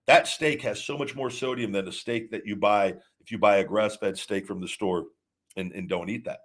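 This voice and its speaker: Lower-voiced man rambling on a livestream. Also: normal speed, fairly bright tone. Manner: rambling, repeats words, many restarts; answers viewer chat questions. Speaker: podcast host. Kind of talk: casual livestream talk.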